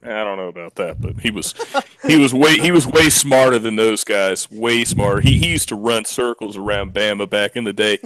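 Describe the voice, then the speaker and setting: A man on a casual online radio chat, telling profane, animated stories. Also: on the low side, normal speed, no echo.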